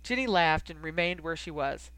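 Audiobook narrator, steady storytelling, dry close sound, mid pitch. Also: normal speed, clean tone, no echo, low-quality recording. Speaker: audiobook reader. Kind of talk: scripted narration.

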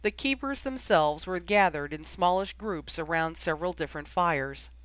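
A man narrates a story in a steady, even reading voice, pitched a little high. The recording is close and dry, with no room echo. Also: moderate pace, clear, resonant tone. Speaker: audiobook reader. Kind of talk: fan fiction audiobook narration.

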